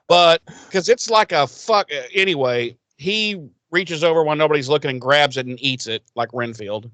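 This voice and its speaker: A man's voice: a little high, normal speed, hardly any pauses, a bit bright, no room sound. A man co-hosting a podcast, recapping an episode in a rambling, profane way and acting out characters' lines in silly voices. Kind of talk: casual crude recap chat.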